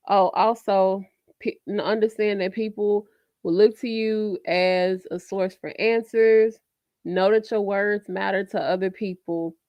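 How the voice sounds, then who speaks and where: A woman's voice: mid-range voice, dry recording. A woman chats candidly to her viewers, tossing in slangy asides and plenty of "you know" as she goes. Her voice comes through a dull, lo-fi mic, and the recording is dry with no room sound. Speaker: vlogger giving life lessons. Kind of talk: casual talk to camera.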